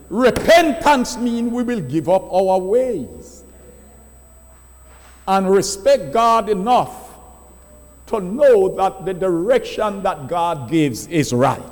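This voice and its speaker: Emphatic high-voiced man preaching in a hall. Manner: emphatic preaching with repeated words and slow stressed phrases. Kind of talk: sermon.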